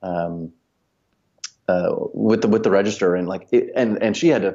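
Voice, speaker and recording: A man's voice: low voice, moderate pace, warm tone, dull audio. A man, a company cofounder, telling a long anecdote casually as a podcast guest, full of fillers and quoted dialogue. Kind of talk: casual storytelling.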